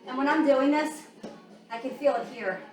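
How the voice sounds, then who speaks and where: A woman's voice: high voice, normal speed, darkish tone. A woman fitness instructor coaching a workout while doing it herself, out of breath, counting down and calling out moves. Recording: echoey room, voice from far off, music playing.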